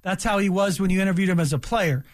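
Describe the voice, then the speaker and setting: A man's voice: high voice, quick pace. A man in his fifties hosting sports talk radio, emphatic and opinionated, speaking animatedly into a studio mic.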